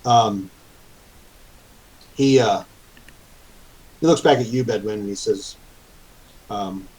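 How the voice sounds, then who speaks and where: A man narrating as game master of a tabletop game, halting and filled with fillers. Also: lowish voice, darkish tone, husky, low-quality recording.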